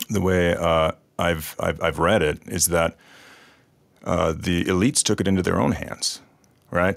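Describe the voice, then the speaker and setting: A man hosts an interview and asks long questions with many pauses. His voice is very deep and gravelly, and the recording is dry and close. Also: a bit bright, dry recording. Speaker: interview host. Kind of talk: conversational interview.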